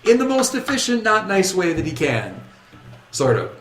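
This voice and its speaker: A man running a tabletop game as game master, narrating action in a lively, rambling way that keeps correcting itself. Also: high voice, normal speed, reverberant, soft background music.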